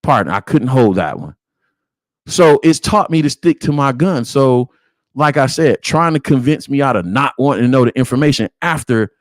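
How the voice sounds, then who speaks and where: A man hosts a live sports reaction stream at a middle pitch, with dry, close sound. He talks bluntly and with heat, swears freely, and leans on "you know what I'm saying" to drive his points home. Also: lively intonation, normal speed, no room sound. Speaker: sports channel host.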